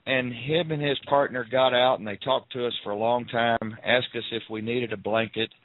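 A man's voice: mid-range voice, steady tone, normal speed, no echo. A man from the southern United States, a guest on a call-in radio show, telling a personal story earnestly and repeating phrases for emphasis. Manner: earnest, repetitive, quotes people in raised voices. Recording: tinny phone line.

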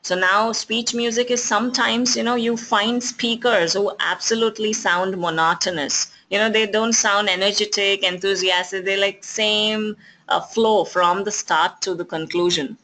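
A communication skills trainer with an Indian English accent, lecturing at an even pace and often pausing on fillers and restarts. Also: medium pitch, a little hiss or hum, low-quality recording. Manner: explanatory, with frequent fillers and restarts.

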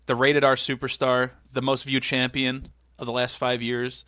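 A man's voice: mid-range voice, monotone, normal speed, sharp tone, clear, resonant tone, dry recording, studio quality. A young man hosting a podcast in casual, rambling, jokey chat. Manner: rambling, jokey, does voices. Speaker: podcast host.

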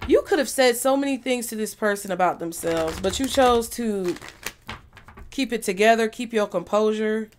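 A woman's voice: on the high side, normal speed, slight background noise. A woman giving a tarot reading to her viewers, speaking bluntly and emphatically with a lot of profanity. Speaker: tarot reader.

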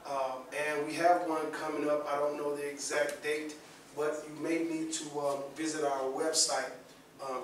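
A man leading a career skills workshop for students, lively and checking in with the room after nearly every point. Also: fairly high pitch. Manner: lively, asks the audience often, repeats "all right?" and "okay?". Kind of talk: classroom workshop talk. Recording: very echoey room, voice from far off the mic.

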